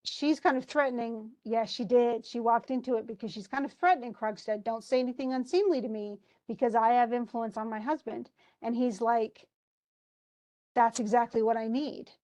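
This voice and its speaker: Her voice is a little high and somewhat mellow as she teaches literature, retelling a play scene in lecture form. Between explanations she voices the characters' lines, often restarting and slipping in asides.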